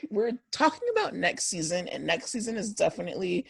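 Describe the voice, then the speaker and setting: Young woman, husky voice, dry close sound, chatty gossiping podcast host. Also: medium pitch, sing-song, a little fast, dry recording. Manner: chatty, laughs often, gossipy. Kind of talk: casual chat.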